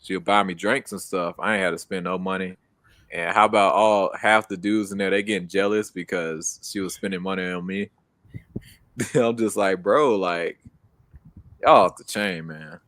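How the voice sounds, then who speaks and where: A man's voice: low-pitched, fairly even intonation, moderate pace, a bit bright, no room sound. A young American man co-hosting a casual streamed chat, laid-back and slangy, laughing often. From United States. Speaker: co-host.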